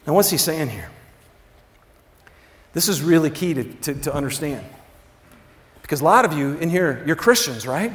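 A man with a notably high speaking voice preaches to his congregation in a loose, chatty way. He asks them questions and drops into casual slang. At times he falls to a near-hush to drive a point home. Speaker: pastor. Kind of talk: sermon.

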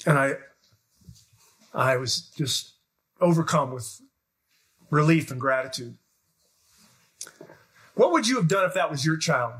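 A middle-aged pastor preaching a sermon, telling a story with energy and putting questions to the congregation. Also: male voice, fairly high pitch, measured pace, pauses often. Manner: animated storytelling, shouts when acting out scenes, asks the crowd questions. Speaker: guest pastor.

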